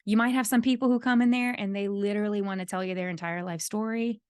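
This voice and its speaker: Woman, podcast host, leadership coach, earnest, emphatic, middle pitch, dry close recording. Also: fairly even intonation, quick pace, clear, resonant tone, no echo. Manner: earnest, emphatic, repeats key points. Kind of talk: solo podcast monologue.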